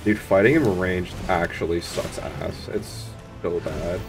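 Cursing low-voiced game streamer. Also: male voice, slow pace, soft background music. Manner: excitable, profane, talks to himself and chat. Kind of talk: live game-stream commentary.

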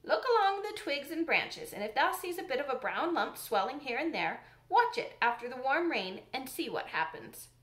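A woman voicing a gruff, cross old male gardener who talks loudly and bluntly in country speech. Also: high-pitched, sing-song, moderate pace, few pauses. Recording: roomy echo.

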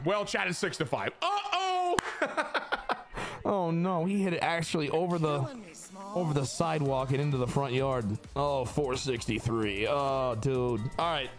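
A young man streaming a baseball video game, joking, swearing and shouting at big plays over game music. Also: on the high side. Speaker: gaming streamer. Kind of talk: excited video game commentary. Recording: game music playing behind.

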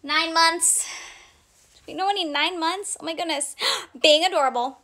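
A woman's voice: very high voice, normal speed, pushed and bright. A woman hosting a casual live clothing sale, chatting to viewers and reading out sizes and prices. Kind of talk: casual live-stream selling chat.

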